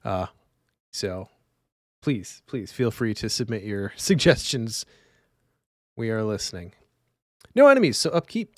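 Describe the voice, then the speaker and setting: This man's fairly low voice is a little mellow and sing-song, a bit slow with long pauses, captured in clean studio sound with no echo. Streaming a solo card game, he mumbles the rules half to himself and chats with viewers in casual live commentary.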